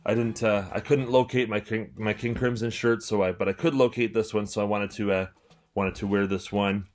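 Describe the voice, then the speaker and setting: A man's voice: on the low side, fairly even intonation, moderate pace, a little mellow. A young Canadian man in his twenties, a record store owner chatting casually and enthusiastically about a favorite album, rambling with lots of fillers and restarts. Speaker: record collector and store owner, channel host. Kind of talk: casual album-review chat to camera.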